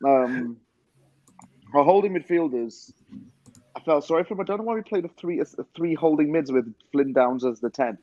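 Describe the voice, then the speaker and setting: A man's voice: fairly high pitch, moderate pace, dry recording. Opinionated man, dry dull lo-fi sound. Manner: opinionated, frank. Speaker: panelist. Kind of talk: casual football discussion.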